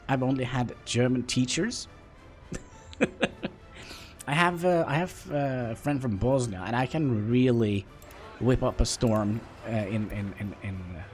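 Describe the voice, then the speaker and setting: A man with a Norwegian accent talks through a game on a livestream, his voice sitting at an ordinary medium pitch. He speaks haltingly, answering his chat and poking fun at himself, with faint music playing underneath. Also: darkish tone. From Norway. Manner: halting, chatty, self-deprecating, talks to chat. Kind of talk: casual gameplay livestream commentary. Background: faint background music.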